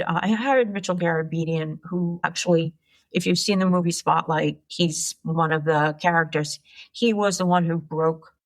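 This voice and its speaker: A woman in her sixties, an entrepreneur guest, telling her life story frankly and with animation in an interview. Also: on the low side. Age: 60s. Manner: frank, animated, swears casually.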